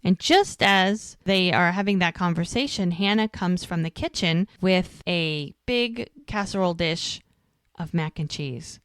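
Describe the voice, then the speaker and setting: A woman's voice: lowish voice, unhurried, clear, resonant tone, no echo, studio quality. A woman co-hosting a podcast, casually recapping an episode and acting out the characters' lines as she goes. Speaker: podcast co-host.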